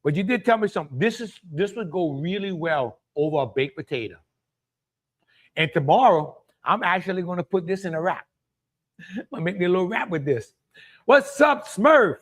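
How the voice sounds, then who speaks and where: A man's voice: sits high, expressive, normal speed, a bit bright. A man with a Louisiana accent hosting a casual live cooking stream, chatty and exclamatory, greeting viewers by name and laughing often. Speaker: cooking show host.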